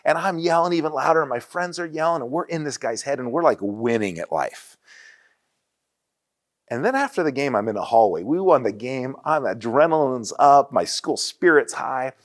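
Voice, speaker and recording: A man in his forties preaching a sermon in a church, telling stories in an animated way with frequent restarts. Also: mid-range voice. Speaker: pastor. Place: church sanctuary.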